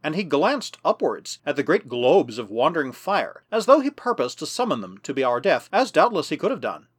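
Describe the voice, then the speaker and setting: Expressive male audiobook narrator. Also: medium pitch, fairly quick, hardly any pauses, slightly rough. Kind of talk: scripted narration of a first-person novel.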